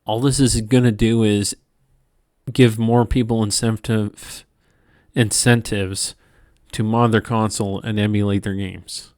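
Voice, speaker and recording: A tired man hosting a gaming channel, ranting in a halting, profane monologue with frequent restarts. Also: fairly low pitch, fairly even intonation, darkish tone, no echo, studio quality. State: tired from lack of sleep.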